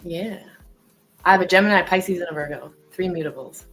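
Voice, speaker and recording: A woman in casual chat, talking in an animated way, full of "like" and swearing. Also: on the low side, brisk, soft background music, poor audio. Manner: chatty, animated, sprinkles in "like" and swearing.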